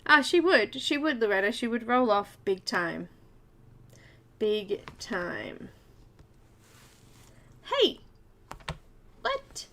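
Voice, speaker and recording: Woman, Australian accent, live-stream host, chatty, giggly, slow unhurried pace. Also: medium pitch, lively intonation, bright, forceful tone. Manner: chatty, giggly, greets viewers by name. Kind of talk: casual live-stream chat.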